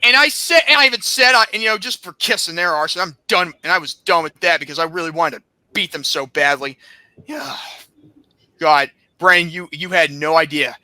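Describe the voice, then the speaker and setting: A man hosting a podcast, ranting angrily and sarcastically, often breaking into shouts. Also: a little high, normal speed, dry recording. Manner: heated, indignant, breaks into shouting; sarcastic, mocking. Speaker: podcast host. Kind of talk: angry rant.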